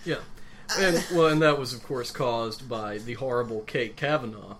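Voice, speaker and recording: A man in casual conversation about a book, chatty and quick to laugh. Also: medium pitch, fairly bright tone. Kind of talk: casual chat about books. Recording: faint background noise.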